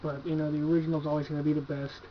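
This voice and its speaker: A horror movie collector with a fairly high, level-toned voice rattles off rapid-fire thoughts on his latest purchases in a casual video review. He's laid-back and enthusiastic, rambling loosely, cursing cheerfully, and leaning on filler words. The audio is dull and lo-fi like an old home video, with a faint hiss beneath it.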